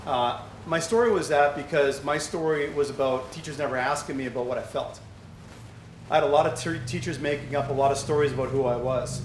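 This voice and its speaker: A man's voice: medium pitch, a little fast. A middle-aged man speaking conversationally to a fundraiser audience, telling stories and asking rhetorical questions. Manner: anecdotal, asks rhetorical questions. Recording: echoey hall with faint background hum.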